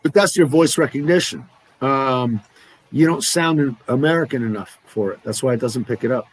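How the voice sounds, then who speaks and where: A man's voice: mid-range voice, moderate pace, dry recording. A man co-hosting a loose, joking live-stream chat, who likes to slip into put-on accents. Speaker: co-host. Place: lives by a beach in Brazil.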